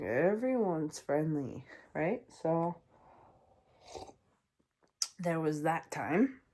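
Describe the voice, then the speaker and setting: A woman's voice: medium pitch, darkish tone. A young adult woman hosting a podcast, telling a personal story in a casual, chatty way with many ums and acted-out voices. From Canada. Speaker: podcast host.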